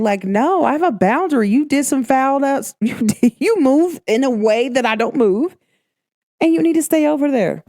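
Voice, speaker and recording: A woman's voice: sits high, expressive, moderate pace, a little mellow, dry recording. Emphatic woman podcast host, dry sound. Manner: emphatic and preachy, calls listeners "baby". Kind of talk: casual spiritual advice talk.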